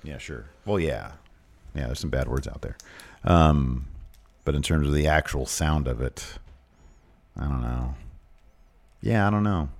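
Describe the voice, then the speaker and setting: A man's voice: rumbling low, a little slow, pauses often. A man from the American South co-hosting a wrestling podcast in casual chat. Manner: reads previews in a hammy announcer voice. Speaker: podcast co-host.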